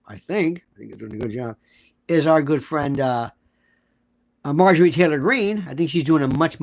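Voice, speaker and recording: Male show host, brash and combative, fairly high voice, blunt rhetorical questions. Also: creaky. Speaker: host and legal commentator. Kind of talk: livestream commentary reading viewer comments.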